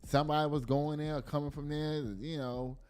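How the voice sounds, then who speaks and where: A man hosting a casual news commentary show, slangy and animated, reacting aloud as he reads headlines. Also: a little high, normal speed, soft background music.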